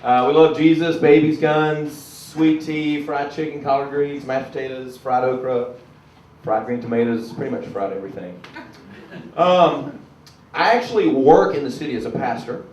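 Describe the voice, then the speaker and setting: A man's voice: medium pitch, normal speed, slight background noise. A man from South Carolina with a Southern accent doing a chatty, self-deprecating stand-up comedy set on a club stage. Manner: chatty, self-deprecating, bursts into loud announcer voices. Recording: echoey club from a distant camera.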